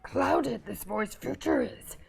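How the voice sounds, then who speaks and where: Yoda, a croaky ancient master, by a woman. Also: sits high, expressive, slow pace, darkish tone, heavily acted. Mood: wise. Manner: inverted word order, croaky. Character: tiny ancient Jedi master, male, wise, cheeky.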